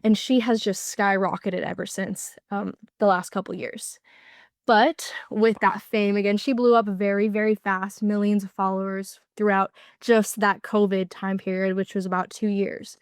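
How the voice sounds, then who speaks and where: A woman's voice: medium pitch, little pitch movement, moderate pace, smooth, no room sound, clean studio sound. A young woman giving a casual class presentation, explaining with lots of fillers. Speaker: student presenter.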